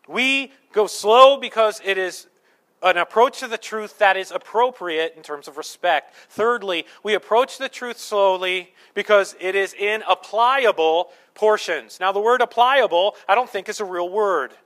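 A man's voice: high voice, normal speed, a bit bright. A man preaching a sermon as pastor, earnestly teaching through scripture point by point in a church.

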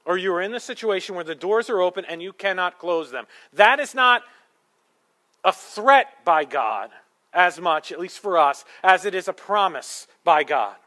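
A man preaching a sermon, telling a story with sarcastic asides and moving between loud, forceful lines and quiet ones. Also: sits high, expressive, normal speed. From Michigan. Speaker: pastor.

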